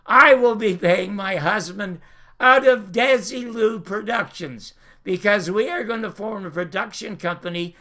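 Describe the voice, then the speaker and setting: A man's voice: high-pitched, measured pace, bright, forceful tone, heavily acted. A man voicing a strong-willed woman comedian, speaking bluntly and firmly. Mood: defiant.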